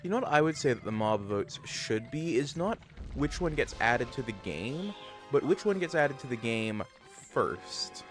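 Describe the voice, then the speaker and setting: A man's voice: medium pitch, big pitch swings, unhurried. Casual young male streamer, playful banter, faint background music. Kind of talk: casual livestream chat.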